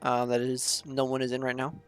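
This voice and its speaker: A man running a tabletop game as game master, laid-back and quick to laugh. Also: mid-range voice, completely flat delivery, clear, resonant tone.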